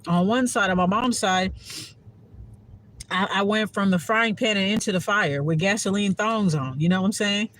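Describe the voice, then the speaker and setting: A woman's voice: mid-range voice, normal speed, fairly bright tone. A woman giving a heartfelt, profane casual monologue to her viewers as a spiritual content creator.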